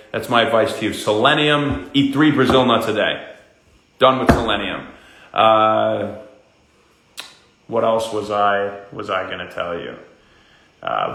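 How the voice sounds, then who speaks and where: A man, hosting a casual wellness livestream, greeting viewers by name and giving fast, upbeat health tips. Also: fairly low pitch, fairly bright tone. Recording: echoey room.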